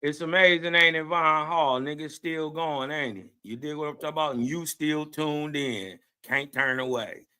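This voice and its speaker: A man hosting a casual livestream, trash-talking his guests in loud, brash banter. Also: a little high, normal speed, hardly any pauses, clean tone. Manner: brash trash talk, repeats "you dig what I'm talking about". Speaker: livestream host. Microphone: call-in livestream audio.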